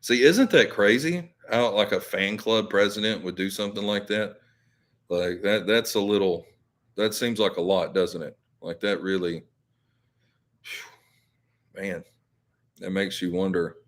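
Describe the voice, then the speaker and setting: A man's voice: on the low side, a little slow, long pauses. A man hosting a live stream, chatting casually with viewers in a rambling way, full of fillers and self-corrections. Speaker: YouTube channel host.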